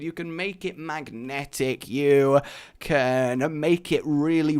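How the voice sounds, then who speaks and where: A young English man hosting a gaming video, telling a rambling, jokey story while he plays. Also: fairly high pitch. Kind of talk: let's play commentary.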